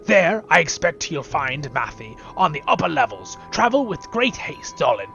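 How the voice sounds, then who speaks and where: A man's voice: a little high, sing-song, moderate pace, vocal fry, pushed and bright, lo-fi sound, faint music behind, exaggerated voice. A man voicing a hasty male dwarf quest-giver in a forced Scottish-style brogue. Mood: urgent.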